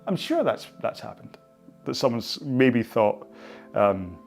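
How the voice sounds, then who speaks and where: A Scottish fitness instructor leads a casual stretching cooldown in a gravelly, mid-pitched voice. He rambles and jokes between cues, and faint music plays in the background. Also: very animated, takes it slowly. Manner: rambling, jokey, chatty.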